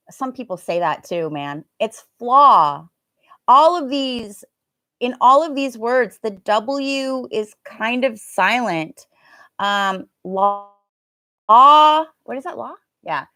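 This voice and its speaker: A woman's voice: on the high side, sharp tone, no room sound, clean studio sound. A woman teaching a live online English pronunciation class, chatting casually and stretching out vowel sounds to demonstrate them.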